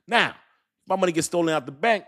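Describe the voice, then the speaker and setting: A man's voice: high-pitched, animated, quick pace, fairly bright tone. A man hosting a live crypto commentary stream, talking emphatically and repeating his points to the viewers. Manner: emphatic, repetitive, talks straight to the viewers. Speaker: crypto channel host.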